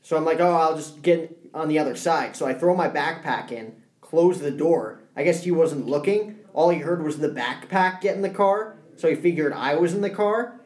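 A man's voice: a little high, normal speed, roomy sound. A young man co-hosting a podcast, telling a story in casual chat. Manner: storytelling, animated impressions. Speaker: podcast co-host.

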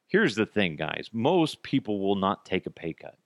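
A man's voice: fairly low pitch, sing-song, moderate pace, hardly any pauses, no echo, highs cut off. A man hosting a podcast alone, giving blunt, profane, sarcastic commentary. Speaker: podcast host. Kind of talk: solo commentary.

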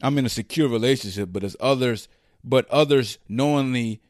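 A man hosting a podcast, ranting in casual slang with incredulous, mocking asides and quick put-on quotes. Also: medium pitch, a little mellow, dry recording, studio quality. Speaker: podcast host. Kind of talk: casual commentary rant.

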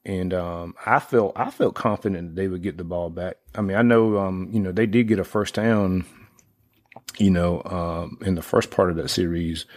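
A middle-aged man in casual sports talk, rambling with lots of fillers and restarts, getting excitable as he retells plays. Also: sits low, moderate pace, no room sound, clean studio sound.

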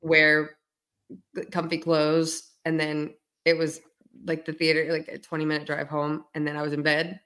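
A woman's voice: deep voice, monotone, moderate pace, fairly bright tone. A woman in her thirties telling a story in casual chat, chatty with many fillers. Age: 30s.

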